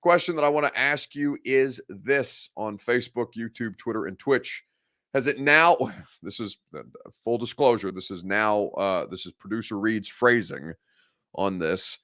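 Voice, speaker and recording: A man's voice: lowish voice, measured pace, fairly bright tone. A man hosting a casual sports talk show, joking about himself and breaking into mock rants. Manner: self-deprecating, jokey, ranting.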